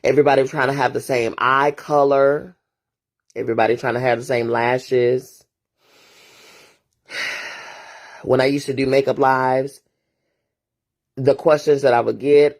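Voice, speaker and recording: A woman therapist delivers a casual morning monologue at an unhurried pace. She drives each point home by repeating phrases in long drumming lists. Her tone is preachy, with rhetorical asides to the listener. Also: very deep voice, fairly even intonation. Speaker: therapist and motivational host.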